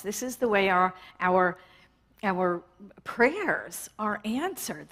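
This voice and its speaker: A middle-aged woman from New York, a minister, giving a conversational, lively sermon and often asking the audience "right?". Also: mid-range voice.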